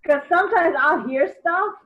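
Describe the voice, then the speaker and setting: A woman co-hosting a podcast, telling animated stories in casual chat and swearing freely. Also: very high-pitched, normal speed. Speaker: podcast co-host. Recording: dull lo-fi audio.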